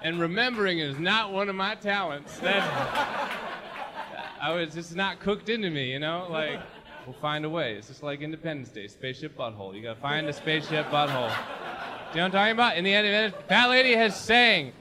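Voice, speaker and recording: Man, stand-up comic, high voice, rambling and self-mocking, noisy recording. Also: animated, brisk. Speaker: stand-up comedian. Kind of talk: stand-up set.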